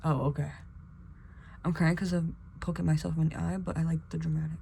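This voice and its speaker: A young woman vlogger chatting casually while getting ready, acting out quotes with sudden whispers and high bursts. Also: flat delivery, fairly quick, gravelly, warm tone, slight background noise. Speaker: beauty vlogger.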